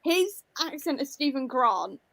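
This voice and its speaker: A woman co-hosting a casual live book discussion with quick, joking asides. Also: sits high, very animated, a bit bright, no echo.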